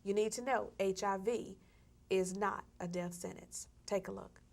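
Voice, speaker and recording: A woman's voice: medium pitch, steady tone, a little slow, vocal fry. A woman hosting an interview show, chatting casually and affirming her guest with frequent murmurs of agreement. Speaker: talk show host.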